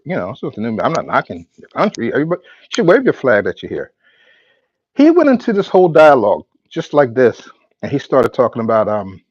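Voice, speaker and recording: A man's voice: mid-range voice, darkish tone, dry recording, muffled recording. A man hosting a podcast and recounting a conversation in a casual monologue. He stops and restarts his sentences often and acts out both sides of the exchange. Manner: halting, repeats words and restarts often. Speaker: podcast host.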